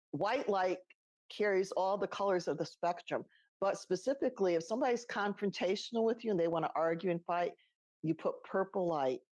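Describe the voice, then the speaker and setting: With a mid-range, slightly mellow voice and no room sound, this middle-aged woman co-hosts a podcast. She tells personal stories casually and chattily, laughing as she talks and doing impressions of whoever she's quoting.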